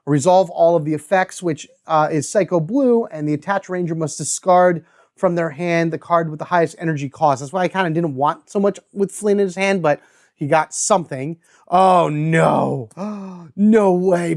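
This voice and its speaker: A man hosting a solo board game playthrough, chatting as he thinks out loud and reads card text aloud. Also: a little high. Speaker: host.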